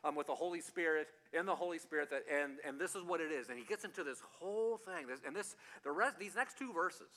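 A pastor delivers a relaxed, conversational sermon, circling back to key phrases and asking questions of his listeners. His voice sits a little high and rings bright. A long reverb trails his words through a large hall. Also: fast talker, few pauses. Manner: repeats key phrases, asks rhetorical questions.

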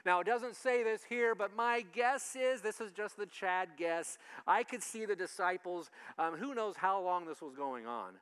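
A man's voice: high-pitched, lively intonation, moderate pace, few pauses, smooth. A man preaching a sermon as a pastor, talking to his congregation in a conversational way and asking them direct questions. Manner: acts out quoted speakers with loud shouts.

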